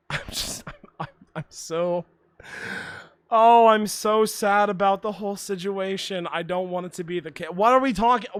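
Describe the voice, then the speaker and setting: A man's voice: high-pitched, fairly bright tone, no room sound. Nasal, whiny-voiced man streaming. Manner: rambling, self-interrupting, swears casually. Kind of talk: casual live-stream commentary.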